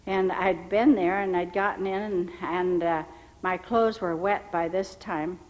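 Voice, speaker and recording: A woman's voice: fairly low pitch, unhurried, poor audio. Older woman telling a church testimony. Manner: animated storyteller who acts out the people she quotes; rambling, with frequent restarts. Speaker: missionary giving testimony. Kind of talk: personal testimony storytelling.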